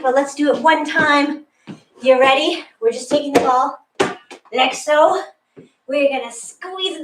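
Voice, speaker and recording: A woman's voice: high voice, echoey room, far from the mic, a little hiss or hum, poor audio. A woman leading a guided workout, a little out of breath, encouraging and laughing often as she gives instructions. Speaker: fitness instructor. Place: room with a wall and ceiling tiles, indoors.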